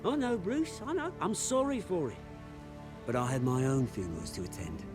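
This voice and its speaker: An actor playing a scheming, theatrical young street tough in a video game. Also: male voice, mid-range voice, animated, normal speed, natural voice. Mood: bitter. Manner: theatrical, swaggering, sudden outbursts. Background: music.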